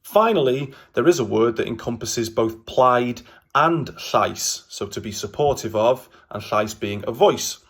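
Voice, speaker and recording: A man with a Welsh accent teaching a language lesson in a relaxed, chatty way, often pausing with ums and uhs. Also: medium pitch, husky. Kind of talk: casual explanatory language lesson.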